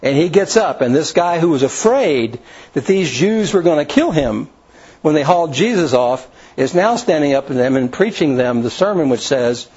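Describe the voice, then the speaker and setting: Male preacher, husky, retelling scripture casually with asides, muffled lo-fi recording. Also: on the high side, lively intonation, moderate pace, a little mellow. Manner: retells scripture in his own words, with restarts and asides. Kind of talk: informal sermon storytelling. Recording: dull lo-fi recording.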